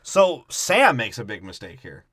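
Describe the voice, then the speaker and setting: Bright-voiced crude joking podcast man. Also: mid-range voice, huge pitch swings, a little slow, no room sound, clean studio sound. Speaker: podcast co-host. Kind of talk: casual comedic movie breakdown.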